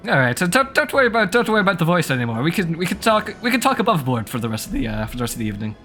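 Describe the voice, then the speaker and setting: A man's voice: high voice, faint music behind. A man playing in a tabletop game, chatting casually and rambling a little. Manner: rambling, quick and animated. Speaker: player.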